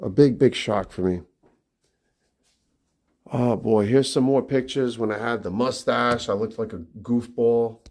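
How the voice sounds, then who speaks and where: A New Yorker in his fifties chats casually with viewers on a phone live stream as he walks through his family home. His middle-pitched voice has fairly even intonation and often drops soft and low as he trails off, talkative and unhurried.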